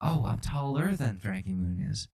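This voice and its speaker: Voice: low-pitched, lively intonation, moderate pace, vocal fry, mellow, a little hiss or hum. A podcast co-host in casual comedic chat, swearing often and joking around.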